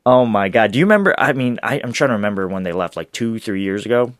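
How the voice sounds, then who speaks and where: Male podcast host, lowish dry voice, eager and rambling, close mic. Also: fast talker, dry recording. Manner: excitable, rambling, with frequent laughs and restarts. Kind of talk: solo sports podcast talk.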